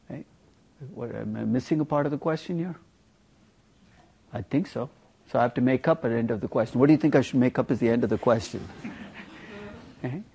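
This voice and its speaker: A man teaching a university finance class, emphatic and lively, teasing students with questions. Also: medium pitch, vocal fry, breathy edge. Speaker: finance professor. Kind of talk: university lecture.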